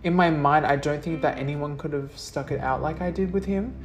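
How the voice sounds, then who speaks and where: A woman's voice: low-pitched, fairly quick, soft background music. Blunt, profane young woman. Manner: blunt and profane, with many likes and ums. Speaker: vlogger answering questions. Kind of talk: casual Q&A monologue.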